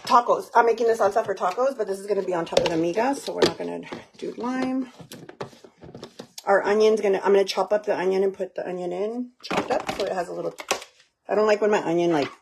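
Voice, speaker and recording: A woman's voice: mid-range voice, fast, gravelly. A mother chatting casually in a cooking vlog, talking to her viewers and her child while she cooks at home. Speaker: home cook vlogger, mother. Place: home kitchen. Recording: background kitchen noise.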